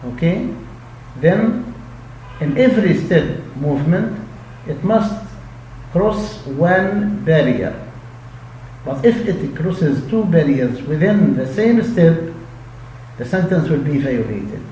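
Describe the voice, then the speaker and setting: A man giving a linguistics lecture, explaining slowly with many repetitions and frequent checks for understanding. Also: a little high, lively intonation, mellow. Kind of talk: recorded lecture. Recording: echoey room with faint hum.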